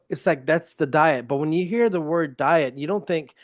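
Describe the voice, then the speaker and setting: A man's voice: fairly high pitch, moderate pace, hardly any pauses, no room sound, studio quality. A man hosting a solo podcast in a casual, self-deprecating, joking manner. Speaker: podcast host.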